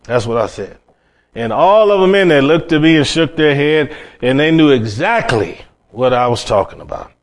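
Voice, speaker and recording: A middle-aged man preaching a sermon as a pastor, folksy, with sudden emphatic bursts and soft drop-offs. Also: mid-range voice, animated, normal speed.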